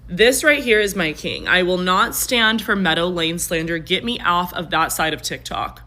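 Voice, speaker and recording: A woman's voice: lowish voice, lively intonation, normal speed, bright, forceful tone. A woman vlogger defending a store in an emphatic, defiant way. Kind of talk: opinion vlog.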